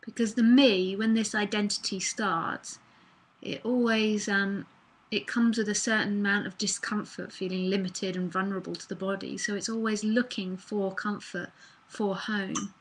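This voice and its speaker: A woman with a husky, breathy voice gives an earnest spiritual talk in an easy, casual way. She drops in fillers and the odd swear word as she speaks into a computer mic on a live online call. Her pitch sits in the middle of a woman's range. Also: steady tone, moderate pace, rough recording. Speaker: spiritual teacher.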